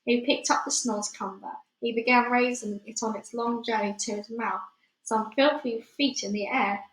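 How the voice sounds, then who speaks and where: A woman reading a children's book aloud in a steady, expressive way with small slips. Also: fairly high pitch, moderate pace. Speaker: reader. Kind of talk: storybook read-aloud. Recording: echoey room.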